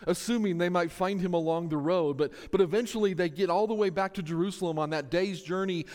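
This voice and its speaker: A man preaching a sermon in an animated storytelling manner, often stringing his sentences together with repeated "and.". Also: sits high, in a large hall.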